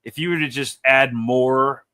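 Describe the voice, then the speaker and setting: A man reviewing comic books in casual chat, animated and rambling, laughing often as he talks. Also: medium pitch, a little slow, smooth.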